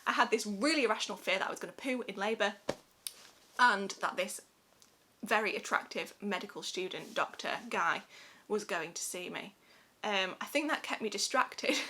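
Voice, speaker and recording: A woman's voice: on the high side, pushed and bright. A young woman vlogger from England telling her birth story in a chatty, emotional way, laughing often. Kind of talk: casual storytelling to camera.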